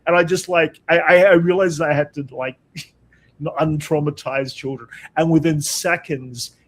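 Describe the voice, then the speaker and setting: Guy chatting, tells stories and laughs lots, kinda high voice. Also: a little slow. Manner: laughs often, animated storytelling. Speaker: guest. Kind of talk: casual storytelling chat.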